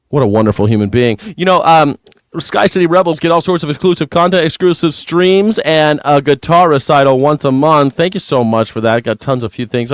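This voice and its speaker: A man's voice: fairly high pitch, clean tone, dry recording, clean studio sound. A man hosting a live news reaction stream, talking sarcastically and with plenty of profanity as he mocks the footage and thanks members. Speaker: news reaction show host.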